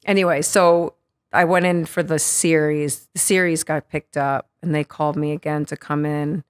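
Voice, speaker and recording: Animated, cursing New woman telling stories. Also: deep voice, normal speed, smooth. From Queens, New York. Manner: animated, profane, acts out quotes. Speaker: podcast guest. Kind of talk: casual storytelling interview.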